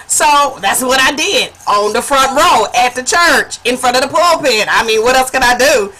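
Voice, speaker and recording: A woman vlogger telling a funny personal story in a casual, animated way, laughing and calling her viewers honey. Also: high-pitched, normal speed, few pauses, a little hiss or hum.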